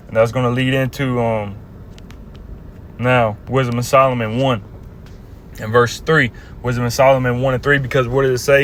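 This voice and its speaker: A man's voice: medium pitch, fairly even intonation. Earnest man teaching scripture. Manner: earnest, halting, stretches out scripture quotes. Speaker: bible teacher.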